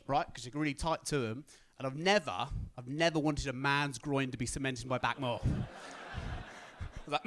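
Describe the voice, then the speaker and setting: A young man from Britain telling a stand-up story on stage, animated and acting out the other people's voices. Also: medium pitch, fast. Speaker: stand-up comedian.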